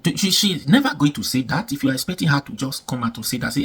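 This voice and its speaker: Husky man giving emphatic commentary. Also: mid-range voice, animated, fast, few pauses, fairly bright tone. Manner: repetitive, emphatic, rhetorical. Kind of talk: casual commentary.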